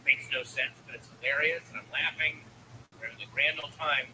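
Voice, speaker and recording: A man doing stand-up, telling a story about his young daughter with a lively, building delivery. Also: fairly high pitch, fairly quick, noisy background. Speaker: stand-up comedian.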